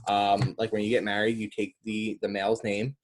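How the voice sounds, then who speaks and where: A man's voice: lowish voice, little pitch movement, moderate pace, slight background noise. A man co-hosting a casual podcast, talking loosely with many hesitant fillers. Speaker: podcast co-host.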